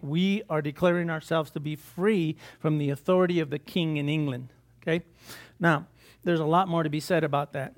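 A pastor giving a sermon in a conversational, off-the-cuff way, full of asides and repeated words. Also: male voice, fairly high pitch. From United States.

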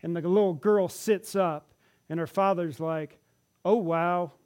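Animated high-voiced male preacher. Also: a little slow. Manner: animated, acts out the characters' lines in the stories. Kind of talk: sermon storytelling. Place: church.

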